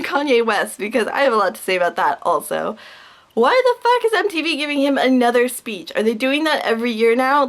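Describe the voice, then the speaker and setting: Ranting, sarcastic young woman vlogger. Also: fairly high pitch. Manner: heated, sarcastic, swears a lot. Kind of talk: profane rant to camera.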